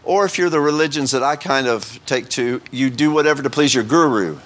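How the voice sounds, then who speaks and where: A man preaching an informal sermon at a medium pitch. He keeps it conversational and joking, and often throws questions at the congregation. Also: fairly quick, a bit bright. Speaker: pastor.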